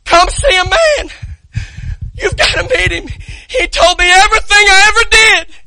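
A man preaching who acts out an overjoyed woman from the well, shouting her words. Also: extremely high pitch, moderate pace, no echo, voice pushed up, exaggerated voice, poor audio. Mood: ecstatic. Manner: shouting, breathless with joy.

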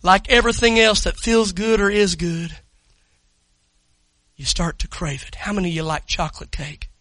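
Brief: male preacher, very high voice, storytelling that bursts into shouting. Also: no room sound, poor audio. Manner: swings from hushed storytelling to loud excited shouting; talks directly to the congregation, calls people up. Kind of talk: sermon.

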